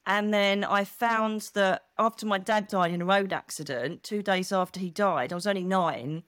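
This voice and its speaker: A middle-aged woman, a guest chatting casually and telling stories with lively, expressive delivery. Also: medium pitch, moderate pace, no room sound, studio quality. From England. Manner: animated, expressive storyteller who acts out quotes. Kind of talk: casual chat.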